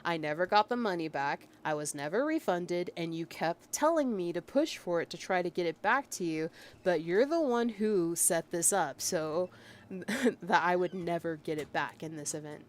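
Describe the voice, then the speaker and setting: A woman's voice: lowish voice, expressive, moderate pace. A woman streaming as a VTuber, casually venting as she reads out a chat log, exasperated and emphatic with lots of fillers. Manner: exasperated and emphatic, with frequent fillers and bursts of laughter.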